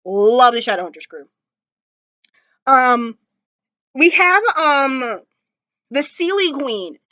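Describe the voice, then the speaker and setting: A woman vlogger chats casually from her floor at home, gushing and rambling with lots of filler words. Her voice sits a little high, and the sound is dry and slightly dull. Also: sing-song, takes it slowly, bright, forceful tone, no room sound. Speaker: vlogger reviewing a TV episode. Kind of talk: casual chat.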